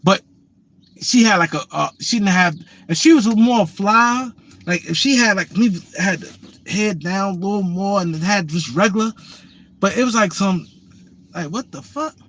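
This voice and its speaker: A man's voice: high-pitched, a bit bright. A man telling a rambling, profane story in casual chat, full of restarts and "you know what I'm saying.".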